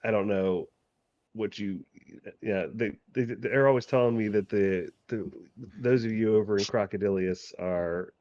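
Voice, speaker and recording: A man's voice: fairly low pitch, a little slow, a little mellow, dry recording, close to an everyday voice. A man voicing a weary, grumpy male tavern bartender who sighs and shoos people off, through a dull, lo-fi mic. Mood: fed up. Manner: world-weary, sighing.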